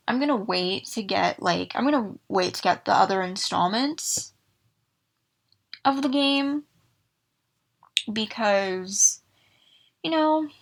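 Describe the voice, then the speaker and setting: A young woman talks to her viewers in an unhurried, rambling way, circling back over her own phrases and breaking into excited exclamations. Her voice is bright and sits a little high, recorded close and dry with no room sound. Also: no room sound. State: hiccups. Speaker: gaming vlogger. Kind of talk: casual chat to viewers.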